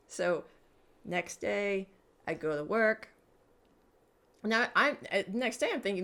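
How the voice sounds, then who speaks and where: Woman, podcast guest, casual storytelling, gravelly fry, filler words, animated. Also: mid-range voice, normal speed, long pauses. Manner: animated, acts out quoted dialogue, frequent "like" fillers. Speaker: podcast guest, mentor and hypnotherapist.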